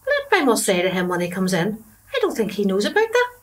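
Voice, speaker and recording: An actress, performing comedy drama, voices a gossipy, talkative middle-aged mother and wife from Belfast. She talks fast at medium pitch, with huge swings in pitch.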